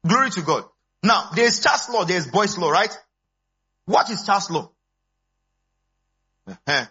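Animated preacher, man. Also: measured pace, pauses often, husky, lo-fi sound. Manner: animated, jumps between low asides and high exclamations. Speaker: pastor. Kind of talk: sermon. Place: church.

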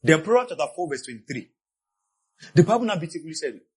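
High, animated, husky preacher man. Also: quick pace. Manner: passionate preaching, swinging between low asides and shouted peaks; repeats key phrases for emphasis. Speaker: pastor. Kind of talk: sermon.

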